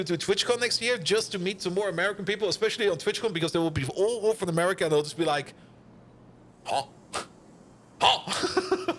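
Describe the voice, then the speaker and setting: Young male streamer, bright and tense tone, bouncy delivery, jokey and rambling. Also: high-pitched. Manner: joking, rambling, laughs often. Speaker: game streamer. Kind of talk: casual live-stream chat.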